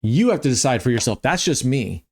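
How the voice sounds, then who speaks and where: A man with a mid-range voice talks casually through roulette bets, thinking out loud. He sounds tired and yawning, and his chat is full of small ums and restarts as he works things out. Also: medium pitch, very animated, brisk, a little hiss or hum. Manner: chatty, thinks aloud, frequent um and restarts. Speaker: online roulette streamer. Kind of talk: casual walkthrough of betting strategies.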